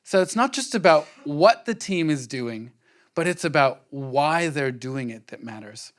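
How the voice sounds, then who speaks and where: A man's voice: a little high, a bit bright. An earnest man, giving a conversational conference workshop talk and checking in with the audience. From Australia. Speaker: workshop speaker.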